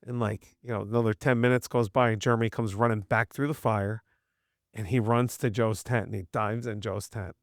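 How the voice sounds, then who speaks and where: A man's voice: lowish voice, brisk, dry recording, clean studio sound. A middle-aged man telling a wild story in casual chat, swearing and acting out what others said. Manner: animated, acts out quotes in raised voices, swears, giggles.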